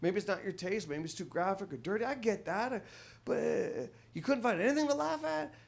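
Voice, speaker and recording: A man performing a crude stand-up comedy set on a club stage, telling ornery stories with sudden loud outbursts. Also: high voice, lively intonation, brisk, creaky.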